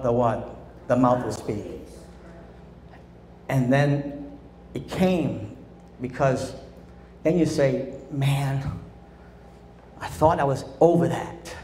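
Preaching pastor in an echoey church. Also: male voice, mid-range voice, dark tone, a little hiss or hum. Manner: preachy call-and-response, asking the congregation to answer. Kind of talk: sermon. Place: church sanctuary.

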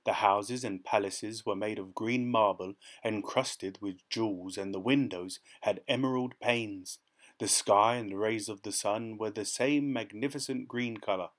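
A man reading a children's story aloud with expressive storytelling. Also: lowish voice. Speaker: storybook reader.

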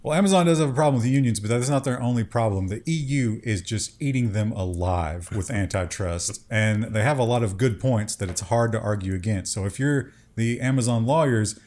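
A man with a somewhat low voice co-hosts a tech news show. He talks casually and drops wry jokes between the headlines. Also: a little fast, few pauses, darkish tone. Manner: wry, joking asides. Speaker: co-host.

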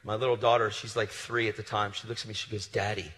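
A man preaching a passionate sermon, moving between loud declarations and hushed storytelling, recorded live in a large hall. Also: lowish voice, little pitch movement, fast. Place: large hall with long reverb.

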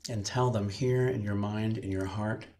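Gravelly-voiced man guiding a meditation. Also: on the low side, steady tone, darkish tone. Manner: slow, soothing guidance with breathing cues. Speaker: minister. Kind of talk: guided meditation talk.

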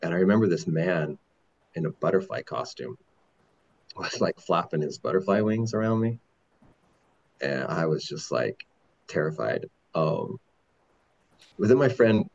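Low husky man telling his story. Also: lively intonation, a little mellow, dull audio. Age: 40s. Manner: rambling, halting with repeated restarts. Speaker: podcast guest. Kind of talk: candid personal storytelling.

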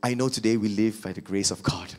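A man's voice: fairly low pitch, fairly quick. A male pastor preaching a sermon, earnest and reflective, with rhetorical questions. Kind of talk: sermon with scripture reading.

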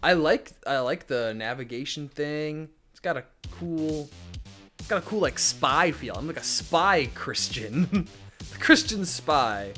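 A man's voice: medium pitch, a little slow, sharp tone, soft background music. A young man commenting casually on a video game, laughing, joking at himself and swearing. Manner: laughing, self-mocking, swearing. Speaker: gaming streamer. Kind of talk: casual let's play commentary.

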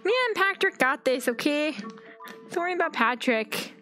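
A woman's voice: sits high, expressive, measured pace, bright, forceful tone, faint music behind. A young woman commenting on a game, gasping, squealing and talking baby-talk to the animals. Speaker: gaming video creator. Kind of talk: excited gameplay commentary.

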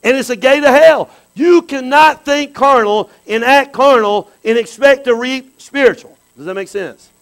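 A man preaching a sermon, animated, dropping to quiet asides and rising to shouts. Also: very high voice, normal speed, hardly any pauses, low-quality recording. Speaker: pastor.

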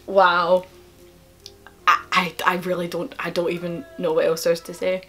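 Young woman, fairly high voice, excitable unboxing vlogger, gasps and giggles, faint music underneath. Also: unhurried. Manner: gushing, emotional, gasping and giggly.

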